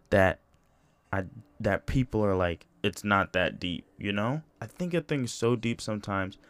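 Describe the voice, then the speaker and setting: A young man holds forth on his own podcast, swearing freely and circling back on himself with "you know" and false starts. His voice sits low but swings widely in tone. The sound is close and dry. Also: no echo. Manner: rambling, profane, full of "you know" and restarts. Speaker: podcast host. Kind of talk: casual solo podcast monologue.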